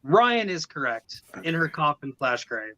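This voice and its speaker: A man runs a trivia contest in a bright, forceful voice that sits a little high. He reads each question aloud, counts the players down and banters between rounds. He sounds like he is on a video call. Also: very animated, a little slow, low-quality recording. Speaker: trivia host. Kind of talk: quiz hosting.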